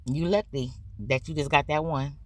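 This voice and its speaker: A woman's voice: low voice, moderate pace. A woman hosting a commentary channel, ranting bluntly and profanely about online drama, stretching words for emphasis.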